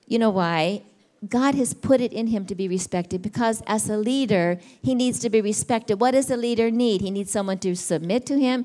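A middle-aged woman, teaching a church women's session in a conversational way and asking her listeners questions. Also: fairly high pitch. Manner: warm, conversational, asks the audience questions.

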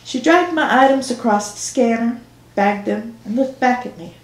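A woman's voice: a little high, normal speed. A woman author reading her own novel aloud in first person, with dry storytelling. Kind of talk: audiobook narration. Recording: roomy echo.

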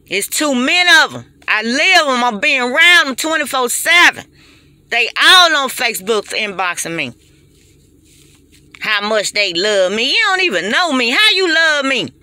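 A woman's voice: high voice, pushed and bright, no echo. A woman, giving an impassioned, preachy monologue straight to her phone. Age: 40s. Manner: preachy, emphatic and repetitive. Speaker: vlogger.

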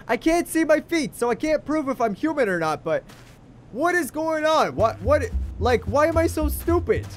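A young man doing goofy, excitable game commentary, talking to his teddy bear as he plays. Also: very high-pitched, moderate pace, soft background music. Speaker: gaming YouTuber.

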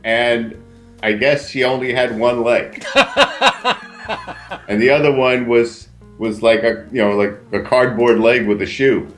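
A man co-hosting a casual podcast, telling a story in a relaxed, halting way with dry humor. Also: medium pitch, soft background music. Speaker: podcast co-host.

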